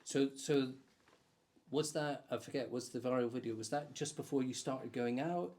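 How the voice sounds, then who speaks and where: A man's voice: medium pitch, moderate pace, a little mellow. A man interviewing an old friend in casual chat, prompting him with shared memories.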